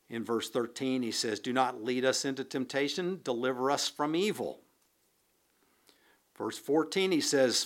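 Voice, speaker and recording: A man preaching a sermon, reading scripture and explaining it in a deliberate, unhurried way with occasional fillers. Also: medium pitch. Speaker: pastor.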